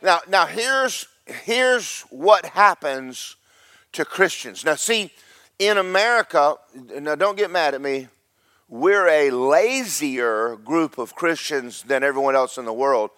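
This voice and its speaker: Pastor, high tenor, preaching sermon with big dynamic swings, close dry mic. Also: male voice, expressive, no room sound. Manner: preaching with swings from loud and slow to quiet and quick.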